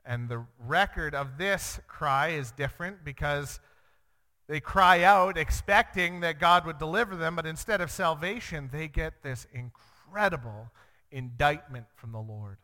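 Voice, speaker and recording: A man, a young father, teaching through a Bible passage in an earnest way, acting out the quoted lines with sudden jumps in pitch. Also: unhurried, sharp tone. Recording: long reverb.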